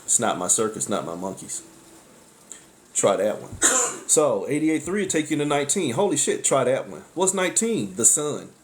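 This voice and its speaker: A man giving a casual spiritual tarot talk. He speaks bluntly with profanity, breaks in with frequent exclamations, and jumps between sharp high outbursts and low asides. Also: big pitch swings, normal speed, noisy background. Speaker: tarot reader.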